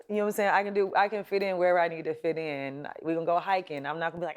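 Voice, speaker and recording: A woman with a low, smooth voice hosts a casual advice show. She talks straight to her viewers in a chatty, emphatic way and laughs easily along the way. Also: steady tone, fast talker. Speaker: show host. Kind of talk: casual advice talk to camera.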